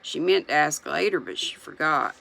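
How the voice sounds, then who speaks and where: Gravelly, bright-voiced storybook reader. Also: mid-range voice, very animated, poor audio. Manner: unhurried, musing to self between passages. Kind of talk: reading a children's novel aloud with spoken asides.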